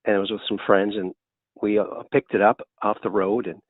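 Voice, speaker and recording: Male caller from Minnesota, low voice, hesitant story, heard over a dry phone line. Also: level tone, no echo. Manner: halting, with fillers.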